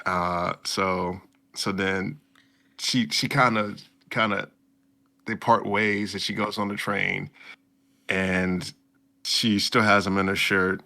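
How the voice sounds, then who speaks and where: Gravelly-voiced man recapping casually. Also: level tone, slow, bright, forceful tone. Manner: rambling, acts out quotes in a high voice. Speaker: podcast co-host. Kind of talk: casual anime recap chat.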